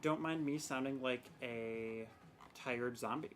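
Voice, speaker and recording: A woman's voice: a bass voice, slow pace, slight background noise. A young woman streaming a game, chatting casually and rambling with self-mocking exasperation about her technical troubles. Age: young adult. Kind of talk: casual live-stream chat.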